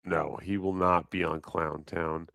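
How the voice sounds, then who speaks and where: A man hosts his live stream in a loose, rambling chat, cursing freely and joking with viewers. His voice is deep and his delivery unhurried. The sound is dry and close, with no room echo. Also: little pitch movement, creaky, a bit bright, clear, resonant tone. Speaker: livestream host. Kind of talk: casual livestream chat.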